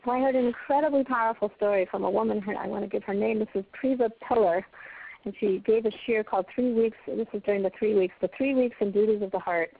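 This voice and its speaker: A woman's voice: medium pitch, fast, gravelly. A woman giving a heartfelt Torah class over the phone, telling stories in an earnest, emphatic way. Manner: earnest, emphatic, storytelling with passionate rises. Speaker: Torah teacher. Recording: tinny phone line.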